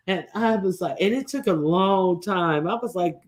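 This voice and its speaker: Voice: medium pitch, normal speed, slight background noise. A commentator talking casually and bluntly, recounting events with many restarts and fillers.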